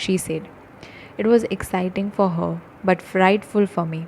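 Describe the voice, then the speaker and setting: A woman narrating an audiobook in a steady, even reading voice. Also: on the low side, fairly quick, a little hiss or hum, poor audio.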